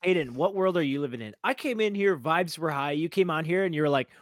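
A man co-hosting a comedy podcast, teasing a friend with animated storytelling. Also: a little high, brisk, dry recording, clean studio sound. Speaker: podcast co-host. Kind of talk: casual comedic chat.

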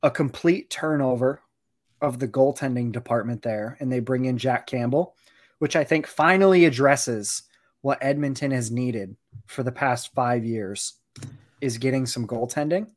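A man co-hosts a casual sports podcast as a hockey analyst, working through team analysis in a measured, analytical way. His voice is medium-pitched, and he often says "you know".

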